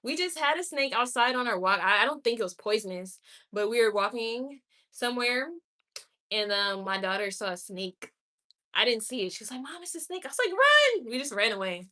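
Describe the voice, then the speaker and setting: A woman's voice: a little high, bright, forceful tone. A woman chatting casually on a live stream and reacting candidly to viewer comments. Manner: chatty and candid, with quick laughs and exclamations. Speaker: livestreamer.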